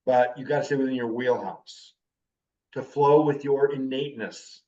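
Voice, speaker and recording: A man in his fifties teaching a class, his talk intense. His voice sits at an ordinary pitch. It was recorded from a distance on a dull, lo-fi recording. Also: normal speed. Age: 50s. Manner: intense, animated talker.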